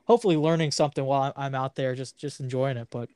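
A man co-hosting a podcast, chatting casually in a halting way with many restarts. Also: medium pitch, fairly even intonation, darkish tone, clean tone, dry recording, studio quality. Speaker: podcast co-host. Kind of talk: casual interview chat.

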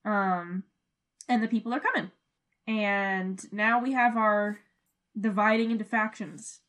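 A young woman co-hosting a podcast in casual chat, animated, laughing often and swearing freely. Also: medium pitch, measured pace. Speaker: podcast co-host.

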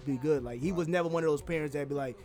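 A man talking fast and loosely in casual podcast chat, full of slang and fillers. His voice sits a touch high for a man. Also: a little mellow.

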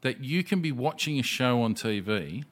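A man hosting a casual chat, telling animated, sweary stories and acting out what people said. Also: mid-range voice, normal speed. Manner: sweary, animated storyteller who acts out quotes.

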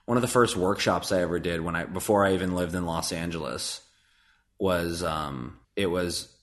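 Low-voiced man chatting loosely. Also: moderate pace, a bit bright. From Nebraska. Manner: rambling, self-deprecating, fillers and restarts. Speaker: voice actor guest. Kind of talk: casual podcast chat.

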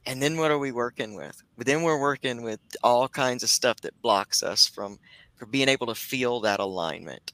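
A man's voice: mid-range voice, normal speed, a bit bright, dry recording, rough recording. A man hosting a livestream as a reverend, speaking earnestly and emphatically about feelings and spiritual growth. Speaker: host and reverend. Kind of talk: reflective heartfelt talk.

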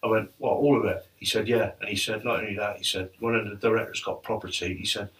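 A man's voice: fairly low pitch, quick pace. Laughing man telling stories. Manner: laughs often, animated anecdotes, quotes others. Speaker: former footballer telling stories. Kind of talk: casual storytelling chat. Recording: distant mic with faint noise.

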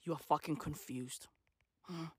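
A man's voice: on the high side, fairly even intonation, unhurried, fairly bright tone, husky, dry recording, clean studio sound. A man delivering a satirical rant to camera, slangy and profane, with mock-serious rhetorical questions. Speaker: comedic commentator.

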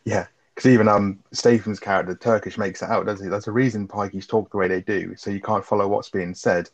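A man's voice: lowish voice, steady tone, a little fast. A man co-hosting a film review podcast, casually recapping plot and swearing freely. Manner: laid-back, swears freely, summarizes plot. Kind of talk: casual chat. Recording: dull lo-fi sound.

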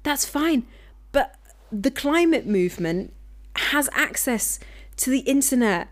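A woman's voice: on the high side, animated, measured pace. A woman co-hosting a casual podcast chat, blunt and swearing as she explains policy with conviction. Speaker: podcast co-host.

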